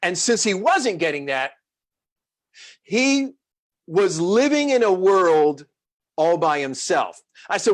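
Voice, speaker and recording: A middle-aged man telling a story as a motivational speaker, animated and acting out voices. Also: high voice, slow pace, pauses often. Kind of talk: storytelling talk.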